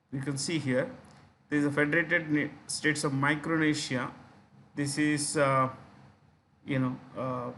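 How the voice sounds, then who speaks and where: A man's voice: a little high, bright, forceful tone, a little hiss or hum. A man with an Indian English accent giving an exam-prep lecture, explaining step by step with many fillers and repeated key terms. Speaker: teacher.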